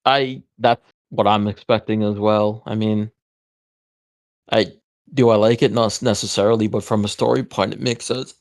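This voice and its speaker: A man's voice: fairly low pitch, steady tone, moderate pace. Man, podcast co-host, casual chat, hesitant, mild, restarts often.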